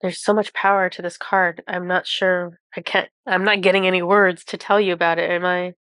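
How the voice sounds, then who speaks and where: A woman with a cold, reading oracle cards and channeling messages for viewers in a halting, awestruck way with many pauses. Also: on the low side, flat delivery, a bit bright, no echo, studio quality. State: has a cold. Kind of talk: intuitive card reading to viewers.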